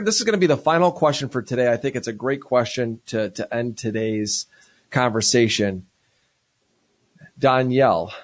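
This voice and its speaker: A man hosting a livestream trading talk show, explaining ideas quickly and reading viewer questions. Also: mid-range voice.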